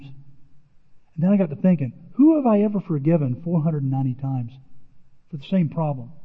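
A man preaching a sermon, emphatic and animated, often exclaiming and repeating words as he reads verses. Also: a little high. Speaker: pastor. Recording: reverberant hall, dull lo-fi sound.

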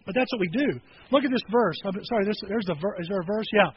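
A male pastor delivers a casual, animated sermon, often slipping into quoted voices to act out the scripture. His voice sits high and moves through a wide, lively range. The recording is a bit dull, with faint noise underneath. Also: fast. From rural farm upbringing.

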